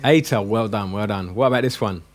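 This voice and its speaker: A man teaching a class of adults, chatty and joking as he drills each sound slowly and quizzes the room. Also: fairly low pitch. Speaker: Greek teacher. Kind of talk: classroom lesson. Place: classroom with a group.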